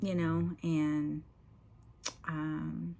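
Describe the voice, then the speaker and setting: A woman's voice: low voice, flat delivery, drawn-out words, gravelly, mellow. A middle-aged woman chatting candidly in a casual vlog, often using "you know" and "y'all". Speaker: book vlogger.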